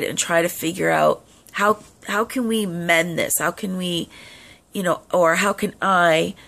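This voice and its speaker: Low gravelly-voiced woman vlogger. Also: a bit bright. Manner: frequent "um" fillers, earnest advice. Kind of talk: casual talk to camera.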